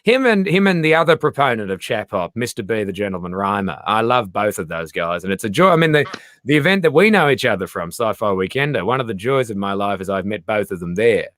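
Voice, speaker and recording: A man in casual interview chat, an animated storyteller who acts out the voices he quotes. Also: on the low side, quick pace, dry recording, studio quality. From Australia. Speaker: comedian guest.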